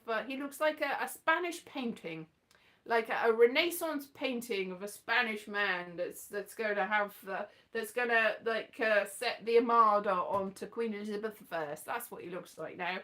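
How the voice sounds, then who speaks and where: A woman's voice: on the high side, bright, forceful tone. A woman rambling through a casual monologue, chatty and digressive with playful asides. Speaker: vlogger.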